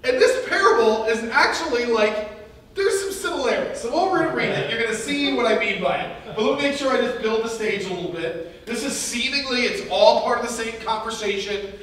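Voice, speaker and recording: High-voiced pastor in an echoey hall. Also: male voice, brisk, fairly bright tone. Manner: conversational, rambling with fillers and restarts, chuckles while telling a joke. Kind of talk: casual sermon. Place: church hall. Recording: echoey hall from far off, faint noise.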